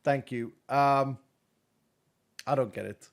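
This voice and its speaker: This man's voice is mid-range and creaky, and he speaks slowly while streaming a game. He chats casually with viewers in English with a non-native accent, reading out their messages and laughing a lot.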